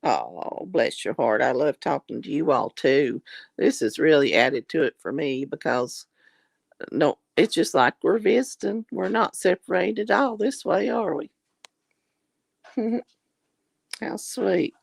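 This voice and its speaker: A middle-aged woman hosts a homey livestream, reading comments and answering with "honey" and "darling." Her voice sits low and gravelly but swings widely in pitch. It is recorded dry and close, with no room around it. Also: lively intonation, takes it slowly, no echo. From Southern US. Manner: warm, affectionate, calls viewers honey and darling. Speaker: livestream host. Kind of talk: casual chat reading viewer comments.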